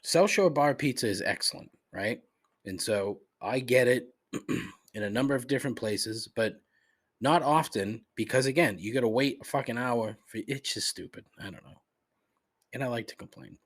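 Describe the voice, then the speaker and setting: Slightly rough and lively in intonation, this man's medium-pitched voice keeps a moderate pace. He runs a one-man comedic complaint podcast, reading off a menu and ranting with lots of swearing.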